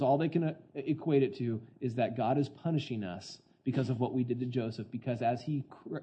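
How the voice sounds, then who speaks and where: Man, pastor, sermon, eager and conversational, rhetorical questions, slightly high, mellow tone, dull lo-fi sound. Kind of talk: expository sermon.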